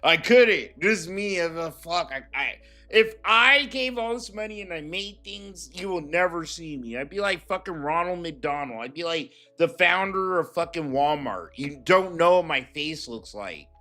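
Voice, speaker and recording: A man's voice: on the high side, animated, moderate pace, few pauses, bright, forceful tone, soft background music. A man ranting casually and profanely while reacting to clips on his stream. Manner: profane, rambling, emphatic. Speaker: streamer commentator. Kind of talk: casual commentary rant.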